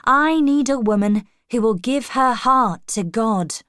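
A woman reading the lines of an earnest, serious young male missionary in a calm, measured way. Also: fairly high pitch, smooth, no room sound, studio quality, voice pushed up.

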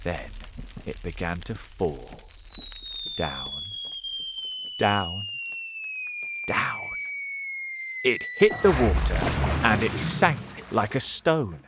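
A man reading a children's story aloud as narrator, very expressive and dramatic. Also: on the low side, measured pace, very noisy.

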